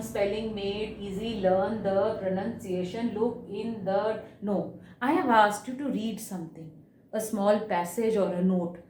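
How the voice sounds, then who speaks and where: A woman teacher gives a reading lesson, stretching key words and shifting pitch and loudness to demonstrate. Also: reverberant, a little hiss or hum.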